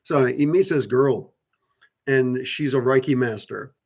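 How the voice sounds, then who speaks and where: This channel host has a creaky, medium-pitched voice and a measured pace. He addresses viewers about spiritual topics at length, in a casual, meandering manner full of fillers, restarts and casual cursing.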